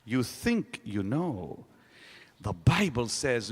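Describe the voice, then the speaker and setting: A man preaching a sermon to a congregation, emphatic, swinging from loud rising questions to low quiet statements. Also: sing-song, takes it slowly, in a large hall. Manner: emphatic preaching with sudden rises and drops. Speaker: pastor. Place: large hall.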